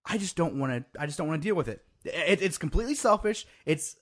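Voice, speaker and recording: A man with a high, lively voice that jumps around as he talks fast in loose podcast banter. He is self-deprecating and laughs easily, getting carried away with his own tangents. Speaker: podcast co-host. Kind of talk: casual banter.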